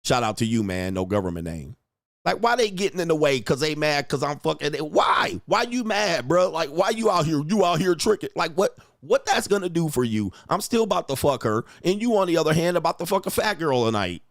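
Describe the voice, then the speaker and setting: A man's voice: on the high side, sing-song, brisk, vocal fry, no room sound, clean studio sound. A man in his forties hosting a livestream, ranting crudely and boisterously, mocking critics and reading viewer comments aloud. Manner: profane, boisterous, mocking, reads viewer chat. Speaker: livestream host.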